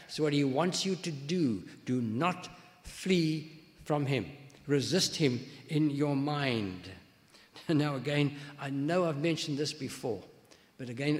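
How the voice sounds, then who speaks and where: A man's voice: fairly high pitch, big-room sound. A man, likely an older pastor, preaching a sermon in a conversational way, telling anecdotes and reading scripture aloud.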